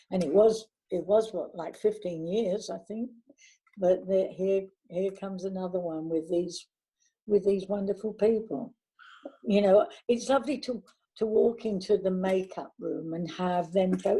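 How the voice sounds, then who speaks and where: An older woman, a veteran actress, chatting warmly in an interview and telling anecdotes from her career. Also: fairly low pitch, steady tone, moderate pace, slightly rough, poor audio. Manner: warm anecdotal, chatty with restarts. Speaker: actress guest. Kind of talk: reminiscing interview talk.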